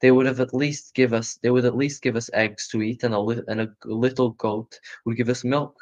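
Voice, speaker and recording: A man's voice: mid-range voice, fairly even intonation, brisk, darkish tone, close to an everyday voice. A man voicing a worried, poor mother in a storybook reading, with a sighing, wistful manner. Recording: muffled lo-fi recording.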